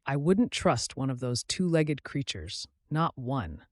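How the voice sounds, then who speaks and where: A man's voice: mid-range voice, very animated, slow pace, no echo, clean studio sound. A man voicing an anxious, distrustful female duck far from home, fretful and tearful.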